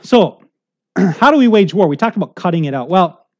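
A middle-aged male pastor preaches a sermon in a high, expressive voice at a moderate pace, and the recording sounds muffled. His delivery is conversational and earnest, with frequent check-ins with the congregation.

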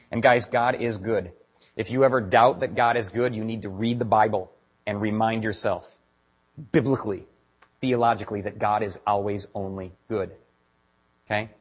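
Husky-voiced pastor preaching animatedly. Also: male voice, lowish voice. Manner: animated, builds to raised emphatic delivery. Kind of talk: sermon.

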